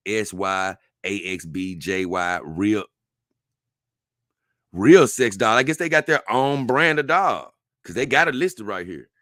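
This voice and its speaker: Bright, dry-voiced man hosting a stream. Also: on the low side, no echo. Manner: reads lists aloud unhurriedly with asides. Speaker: livestream host. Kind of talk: casual livestream chat.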